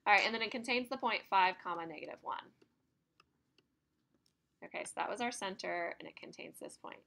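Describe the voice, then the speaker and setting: A woman's voice: medium pitch, gravelly, a bit bright. Chatty woman teaching math class. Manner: chatty, laughs while telling stories. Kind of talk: classroom lecture.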